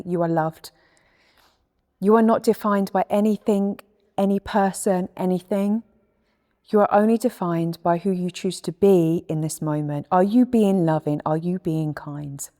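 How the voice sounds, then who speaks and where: A woman giving a soothing spiritual talk, speaking softly and slowly and guiding the listener through calming breaths. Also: mid-range voice. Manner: soft, slow and soothing, with a guided breathing passage. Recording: long echoing reverb.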